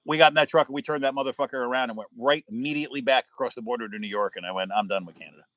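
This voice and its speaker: A man from the United States hosts a live stream from indoors at home by a window, his slightly bright, mid-range voice racing along with no room sound. He chats casually with viewers, telling rambling stories and swearing freely.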